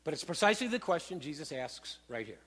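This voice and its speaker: A man preaching a sermon, emphatic and animated, with dramatic asides. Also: a little high, fast talker, breathy edge. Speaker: pastor. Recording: long hall reverb.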